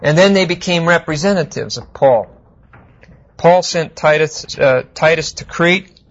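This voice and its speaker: A man teaching a Bible exegesis class, unhurried and explanatory, often pausing to check that listeners follow. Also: fairly high pitch. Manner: unhurried, explanatory, with frequent fillers and check-ins. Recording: dull lo-fi lecture recording.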